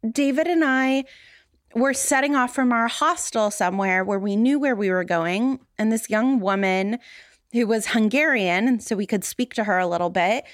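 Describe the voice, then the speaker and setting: A woman's voice: fairly high pitch, no echo, clean studio sound. A woman co-hosting a podcast, candidly telling her own stories with self-deprecating laughter. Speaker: podcast co-host. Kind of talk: candid conversational podcast talk.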